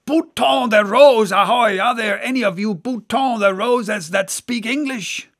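A man's voice: sits high, a little slow, a bit bright, voice pushed up. A man voicing a boisterous, joking male whaling mate in an audiobook, bellowing and mocking. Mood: hailing loudly. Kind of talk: audiobook character voice.

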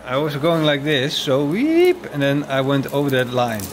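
A man's voice: medium pitch, fairly even intonation, normal speed, noisy background. A playful man hosting a casual barbecue vlog, teasing and laughing. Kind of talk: casual chat. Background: music.

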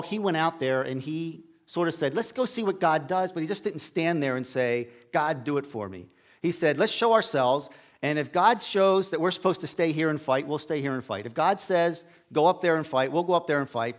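A man's voice: on the high side, animated, a little fast. A middle-aged man preaching a casual storytelling sermon in a church sanctuary, acting out the characters' lines with a raised voice. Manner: folksy, acts out Bible characters' lines with raised voice.

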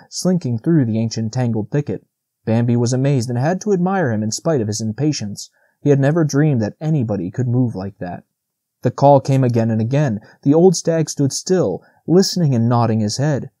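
A man narrating a classic children's novel as an audiobook, steady and even. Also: mid-range voice, no room sound, studio quality. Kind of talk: scripted narration.

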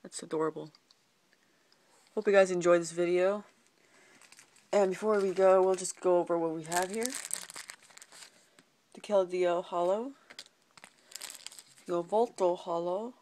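A woman's voice: fairly low pitch, fairly even intonation, a little slow, long pauses, darkish tone, slight background noise. A woman hosting a card unboxing video, calling out each card name one by one and sometimes dropping to a whisper. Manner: calls out card names one by one, slips into whispering. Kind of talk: card pack opening, listing cards.

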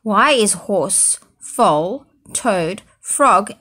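A woman primary school teacher reading a storybook aloud to young children, then asking them questions about it. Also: medium pitch. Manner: slow, expressive read-aloud with quiz questions.

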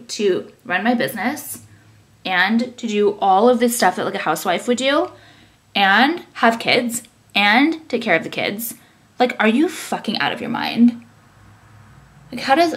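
Ranting young woman, filler-heavy. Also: fairly high pitch. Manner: ranting, frequent "like" fillers, swearing. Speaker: vlogger and business owner. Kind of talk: casual chat to camera.

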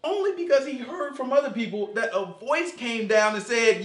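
A man teaching a casual Bible study in an animated way, quizzing his listeners and acting out dialogue. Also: very high voice, normal speed. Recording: echoey room.

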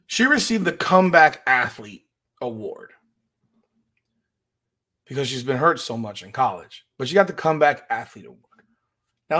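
A man's voice: medium pitch, pushed and bright. A man hosting a podcast, giving emphatic, indignant commentary and often repeating himself. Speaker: podcast host. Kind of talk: opinionated commentary.

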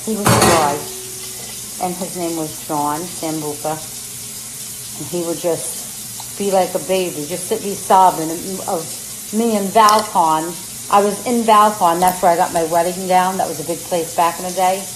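A woman's voice: lowish voice, fairly even intonation, moderate pace, roomy sound, noisy background. A middle-aged woman on a casual livestream, telling family stories in a candid, rambling, emotional way while she cooks. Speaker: livestream host talking about her family.

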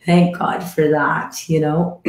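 Live-stream host, woman, lowish voice, a little hoarse, chatty and laughing, roomy echo. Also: fairly even intonation, very slow, a little mellow. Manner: chatty, laughing, says sweetie and darling. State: slightly hoarse from a croupy cold. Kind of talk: casual chat with callers.

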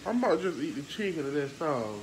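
A woman's voice: deep voice, background noise. A woman vlogging at home into a phone camera, chatting casually to her viewers and sounding congested from sinus trouble. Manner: chatty, talks to viewers as y'all. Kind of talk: casual vlog chat to viewers.

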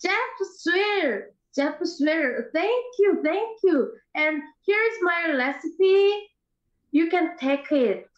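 A woman's voice: very high-pitched, animated, extremely slow, reverberant, muffled recording, exaggerated voice. A woman playing an eager little girl selling cookies, in broken childlike English, in an online improv comedy show. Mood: grateful. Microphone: computer mic on a video call.

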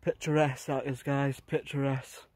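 A man's voice: mid-range voice, flat delivery, moderate pace, a little mellow, no echo. A man vlogging casually outdoors on a windy coast, chatting and rambling with plenty of fillers into a handheld camera. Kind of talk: casual vlog chat.

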